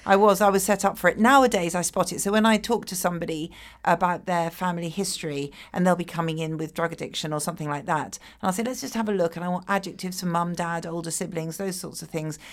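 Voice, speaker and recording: A woman's voice: lowish voice, steady tone, fast, few pauses. A woman speaking as an addiction therapist in a conversational interview, reflective and acting out quoted exchanges. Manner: reflective, acts out quoted dialogue.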